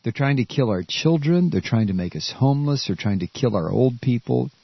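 A radio host in a furious, profane rant, stumbling over repeated words as his pitch swings wide. His voice is husky, and the recording is dry and lo-fi. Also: lively intonation, a little fast, dry recording. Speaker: radio talk show host. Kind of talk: angry political rant.

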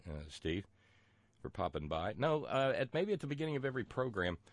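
A man's voice: mid-range voice, sing-song, a little fast, dry recording. A man with a Southern US accent from West Virginia, hosting a radio talk show in a folksy, rambling way with many fillers and restarts.

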